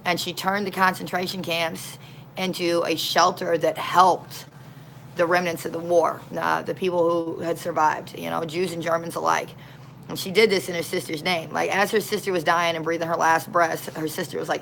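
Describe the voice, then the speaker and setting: A woman's voice: on the low side, normal speed, creaky, slight background noise, low-quality recording. Folksy woman street minister telling stories. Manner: folksy, slangy, animated. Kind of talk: casual storytelling.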